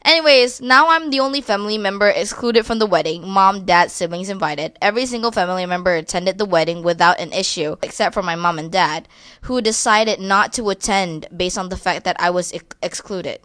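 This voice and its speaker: A woman's voice: medium pitch, a little fast, a bit bright, smooth, no echo. A young woman reading online posts aloud and breaking in with blunt, crude, sassy commentary. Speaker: commentary creator.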